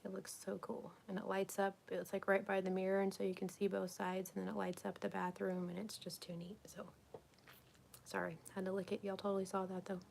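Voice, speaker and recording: Lady rambling on a craft livestream, gravelly voice, slips into whispers now and then. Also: mid-range voice, completely flat delivery, brisk, a little mellow, a little hiss or hum. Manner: chatty and rambling, often drops to a whisper. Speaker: crafting vlogger. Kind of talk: casual live-stream chat while crafting.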